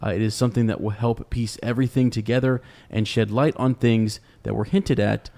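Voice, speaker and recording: A man's voice: mid-range voice, fairly even intonation, fairly quick, gravelly, mellow. A man co-hosting a podcast, speaking earnestly and hesitantly with many fillers. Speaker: podcast co-host. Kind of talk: casual podcast chat.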